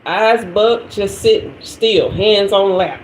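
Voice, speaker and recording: A woman in her forties, a tarot reader, telling a dramatic story on a livestream in an animated way. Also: medium pitch, takes it slowly, a little hiss or hum. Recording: echoey room.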